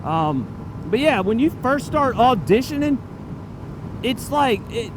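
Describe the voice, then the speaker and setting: A man's voice: very high-pitched, big pitch swings, takes it slowly. A man casually rambling to his viewers while riding a motorcycle through town, drifting off topic and swearing now and then. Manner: chatty, digressive, loose and profane. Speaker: motorcycle vlogger. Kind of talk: casual rambling vlog talk. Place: riding on a town road outdoors. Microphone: helmet-mounted camera mic. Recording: road and traffic noise outdoors.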